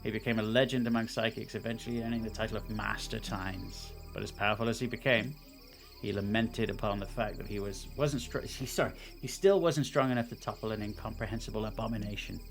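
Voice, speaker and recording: A man with a lowish voice talks casually as a game developer on a live stream. He reads story text aloud, rambling a little with fillers and playful asides. Faint game music plays beneath him. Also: brisk, creaky. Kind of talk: casual chat and reading a game's story aloud.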